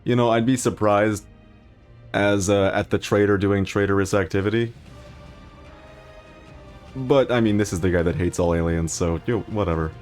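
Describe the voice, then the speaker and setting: A man's voice: lowish voice, moderate pace, long pauses, a little mellow, faint music behind. A man streaming a video game, chatting casually, laughing often and poking fun at himself. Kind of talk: casual gaming commentary.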